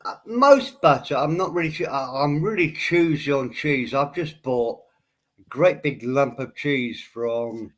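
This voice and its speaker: A man's voice: medium pitch, measured pace, a bit bright. A man chatting casually on a livestream, a little drunk and rambling. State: a bit drunk. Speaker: co-host guest on stream. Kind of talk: casual chat.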